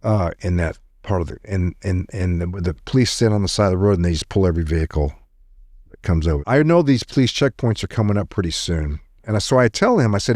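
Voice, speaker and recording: Brief: middle-aged male guest, lowish voice, animated storyteller, dry close mic. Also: fast, dry recording. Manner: animated storyteller who acts out quoted dialogue. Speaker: podcast guest, retired intelligence officer. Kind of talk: storytelling in conversation.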